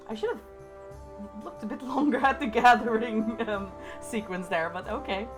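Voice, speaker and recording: A woman's voice: medium pitch, animated, measured pace, soft background music. A young woman giving giggly, chatty let's-play commentary on a game, often laughing at herself. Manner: giggly, chatty, self-mocking. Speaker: gaming video host.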